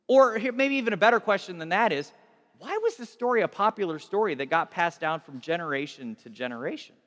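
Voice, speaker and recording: A man delivers a relaxed storytelling sermon with a fairly high voice. He talks conversationally, doubling back on words and poking fun at himself. The sound carries a long reverb from a large hall. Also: brisk. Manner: conversational, self-deprecating, repeats and restarts. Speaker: pastor.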